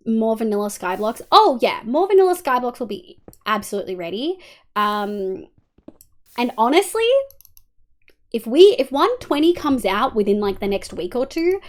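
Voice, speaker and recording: A woman with an Australian accent, casually streaming a game and chatting with viewers, rambling with lots of ums and muttering while she builds. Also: on the high side. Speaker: livestreamer.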